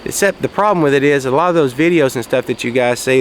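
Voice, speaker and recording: A man telling a folksy story outdoors in a casual monologue, raising his voice for quoted shouts. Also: mid-range voice, brisk, a little hiss or hum. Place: outdoors, quiet spot near traffic.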